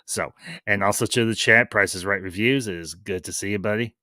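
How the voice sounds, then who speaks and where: A man with a drawl talks through a live-stream review in a loose, chatty way, full of fillers and restarts. His voice sits low but rings bright and forceful. It is recorded dry and close, with no room sound. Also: a little fast, no room sound. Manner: chatty, loose, many fillers and restarts, greets chat viewers. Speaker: livestream host reviewing a series. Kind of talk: casual live-stream review, reading chat.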